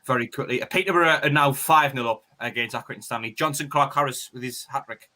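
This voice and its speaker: A young man co-hosting a fan stream, chatty and quick, reading out viewer messages and giving match opinions. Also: mid-range voice, sharp tone. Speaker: co-host reading the live chat. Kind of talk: casual fan-stream chat.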